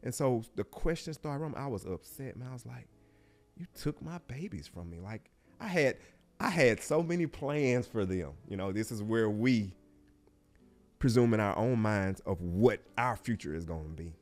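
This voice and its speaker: On an interview show, a middle-aged man with a fairly low pitch tells a personal story at a moderate, animated pace. His tone is reflective and heartfelt, and he often goes quiet and halts.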